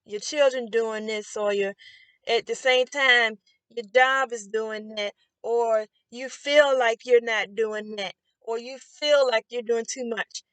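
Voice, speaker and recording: A woman vlogger telling a personal story in a slow, reflective way, with many pauses and fillers. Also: fairly high pitch, steady tone, fairly bright tone, smooth, dry recording. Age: adult. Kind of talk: casual storytelling to camera.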